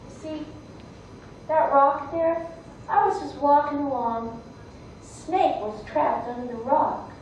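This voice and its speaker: A woman's voice: high voice, fairly even intonation, slow pace, pauses often, darkish tone, a little hiss or hum. A woman storyteller voicing a desperate man who stammers as he pleads. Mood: pleading. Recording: echoey room from far off.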